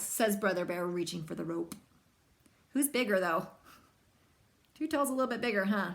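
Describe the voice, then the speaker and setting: A young woman reading a children's picture book aloud, with lively, chatty asides to young listeners. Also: mid-range voice, moderate pace, vocal fry, pauses often. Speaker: storybook reader.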